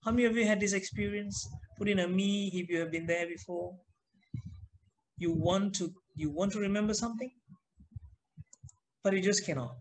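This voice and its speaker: A man's voice: sits high, normal speed, long pauses, rough recording. A middle-aged man, teaching an online class in a chatty manner and putting questions to his students. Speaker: trainer.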